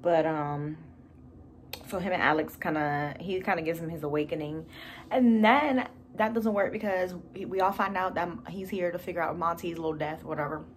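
A woman's voice: lowish voice, normal speed, a little hiss or hum. A woman vlogging casually at home, reviewing a TV series in a gushing, emotional, rambling way with sighs and fillers. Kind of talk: casual chat. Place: home room with TV behind camera.

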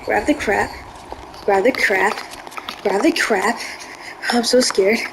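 A woman's voice: mid-range voice, slow pace, noisy background. A woman giving live gameplay commentary, jumpy and easily spooked, yelping in panic. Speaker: gaming video creator.

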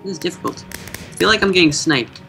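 Brisk and high-voiced with some vocal fry, a young man co-hosting a gaming YouTube channel chats with a friend as they play. He stays relaxed, laughs easily, and uses hesitant fillers, while soft music plays in the background.

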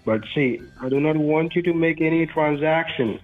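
A bossy, condescending man barking instructions over a tinny phone line. His pitch sits in a middle register, with faint music playing behind him. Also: normal speed. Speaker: phone scammer. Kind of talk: phone call.

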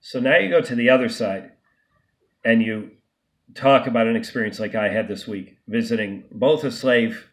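A man's voice: mid-range voice, moderate pace. A man vlogging an unscripted monologue, emphatic and indignant, often restarting and stumbling over words. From United States.

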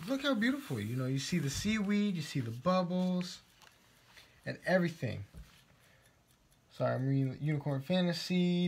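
A man's voice: a little high, a little hiss or hum. A man with a Texan accent, guest-presenting a live craft show in a playful, silly way, joking as he reads viewer comments.

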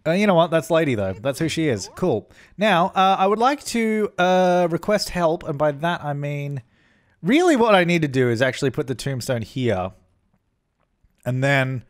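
A young man giving casual let's-play commentary, chatty and self-correcting as he plays. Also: medium pitch. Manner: chatty, self-correcting, often voicing his characters. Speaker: gaming YouTuber.

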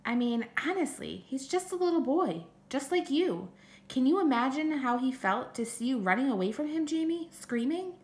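A woman's voice: mid-range voice, lively intonation, fairly quick, hardly any pauses, fairly bright tone. A woman voicing a firm but caring mother in a storybook reading. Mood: scolding. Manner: firm, scolding. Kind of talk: audiobook character reading.

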